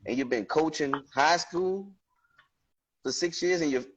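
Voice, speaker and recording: A man's voice: on the high side, a little slow, breathy edge, highs cut off. A man hosting a casual online show over a video call, hyping up his guest. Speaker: host.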